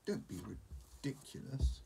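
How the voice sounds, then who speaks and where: A man's voice: mid-range voice, very animated, slow, gravelly, mellow, a little hiss or hum, full character voice. Man doing woof, sorta dog, blunt and down to earth, storybook voice. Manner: blunt and no-nonsense. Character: blunt, obliging male dog-like creature Woof.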